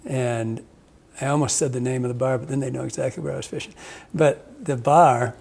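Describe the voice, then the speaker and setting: A man's voice: medium pitch, steady tone, a little fast, creaky, a little mellow. A man hosting a fishing podcast, telling rambling stories with frequent laughs and salty language. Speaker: podcast host, fly fishing guide. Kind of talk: casual storytelling chat.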